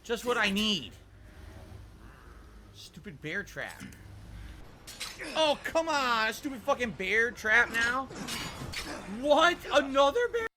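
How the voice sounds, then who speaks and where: High, lively-voiced ranting male streamer. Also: slow, pauses often, slight background noise. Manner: profane, easily angered ranting. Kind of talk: live gameplay commentary.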